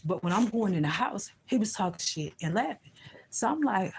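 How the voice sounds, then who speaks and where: A woman telling a heated personal story to her viewers, profane and animated, speaking straight to the audience. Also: medium pitch, moderate pace, vocal fry, breathy edge. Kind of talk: casual storytelling rant.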